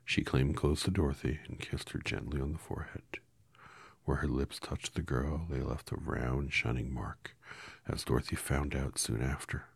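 A man reading a children's story aloud in a calm, unhurried way, sometimes dropping to a whisper. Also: a bass voice, creaky, slightly rough, no room sound. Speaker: storybook reader.

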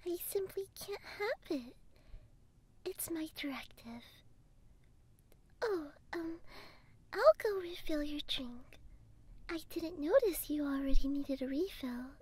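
A woman voicing a devoted young female android housekeeper in a soft, deferential whispered role-play. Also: high-pitched, animated, takes it slowly, long pauses. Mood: doting.

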